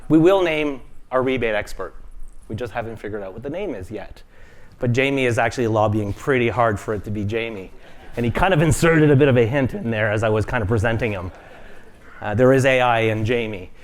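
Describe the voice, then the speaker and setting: A man in a mid-range voice presents a corporate keynote on stage. He sounds upbeat, asks the audience questions, and introduces the next speaker. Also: medium pitch. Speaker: company executive presenter. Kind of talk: conference keynote. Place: large conference hall.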